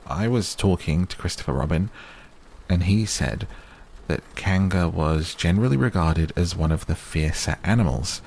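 A man's voice: low-pitched, lively intonation, moderate pace, creaky, a little mellow, a little hiss or hum. A man voicing a small, timid young male piglet who speaks anxiously and fidgets. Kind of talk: storybook reading.

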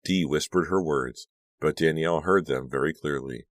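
A man reading a horror novel aloud as an audiobook, in steady, measured storytelling. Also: very deep voice, no echo. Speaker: audiobook narrator. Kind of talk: scripted audiobook narration.

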